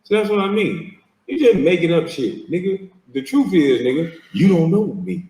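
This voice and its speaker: A man hosts a heated reaction to a video clip, mocking, confrontational and swearing a lot. His slightly high, mellow voice has a sing-song lilt at normal speed, but he's off mic in an echoey room.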